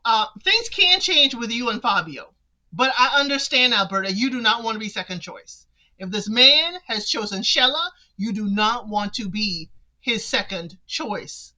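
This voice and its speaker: A woman hosting a casual reality-show recap, animated and talking straight to the people on the show. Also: fairly high pitch, low-quality recording. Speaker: recap podcast host.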